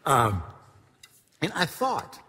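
A man's voice: a little high, huge pitch swings, extremely slow, pushed and bright, a little hiss or hum. A middle-aged male pastor telling a story in a sermon to his congregation, acting out the voices of the people in it. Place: church sanctuary before a congregation. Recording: long hall reverb.

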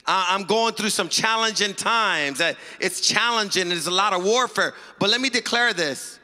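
A man pastor preaching a sermon, fervent, shouting praise calls and retelling a story with quick emphasis. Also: high voice. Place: church sanctuary. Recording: long reverb of a church hall.

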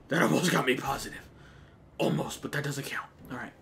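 A man giving jokey, chatty commentary over his own gameplay, breaking into shouts when things get tense. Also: medium pitch, brisk, gravelly, a little hiss or hum. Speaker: gaming YouTuber. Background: game gunfire.

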